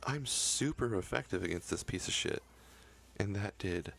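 A man's voice: on the low side, lively intonation, normal speed, creaky, a bit bright, soft background music. A young man narrating his own video game run, cursing the game and talking in a frustrated, profane way. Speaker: gaming YouTuber. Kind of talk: profane Let's Play commentary.

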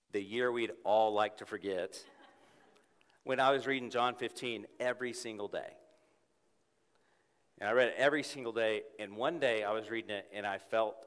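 A man preaching a sermon in church, earnest, rising to emphatic peaks and dropping to a soft hush. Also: fairly low pitch, clear, resonant tone. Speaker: pastor. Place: church sanctuary with congregation. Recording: long hall reverb.

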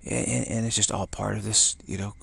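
An older man giving a casual spiritual talk, rambling and halting with many restarts and playful acted-out quotes. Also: fairly low pitch, little pitch movement, vocal fry, a bit bright, husky, no echo. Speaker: spiritual teacher.

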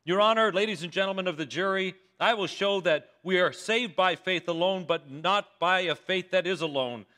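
A male pastor acting out an eager, nervous young defense lawyer addressing a jury in a loud, pleading way. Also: high voice, moderate pace, few pauses, voice pushed up. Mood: earnest. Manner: loud, pleading courtroom oratory.

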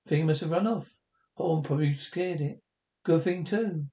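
A man's voice: fairly high pitch, normal speed, mellow, lightly acted. A man reading the part of a bullying, sneering husband in an amateur script reading. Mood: gruff. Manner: mocking, menacing.

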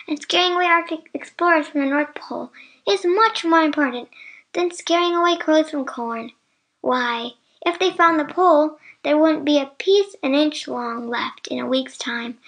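A woman's voice: high-pitched, a bit bright. A woman voicing Santa Claus, a jolly and kindly old man, in a storybook reading with hearty, commanding exclamations.

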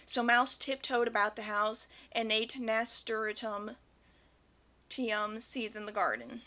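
A woman's voice: on the high side, slow pace, pushed and bright. A woman reading a children's picture book aloud and chatting about it afterward. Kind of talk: read-aloud storytelling.

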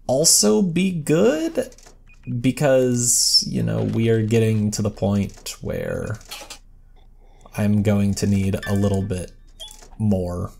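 Gravelly man rambling over gameplay. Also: fairly low pitch, lively intonation, slow pace, mellow, a little hiss or hum. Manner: rambling, self-deprecating, talks to game characters. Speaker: let's play host. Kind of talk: casual gameplay commentary.

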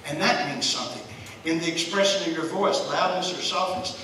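A man's voice: fairly high pitch, fairly quick, pushed and bright. A man teaching an informal church Bible study in a folksy, conversational way, chuckling often. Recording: echoey room, distant mic, faint hiss.

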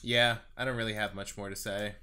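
A man co-hosting a movie podcast in casual chat, animated, peppering his talk with "like". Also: on the low side, brisk, smooth. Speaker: podcast co-host.

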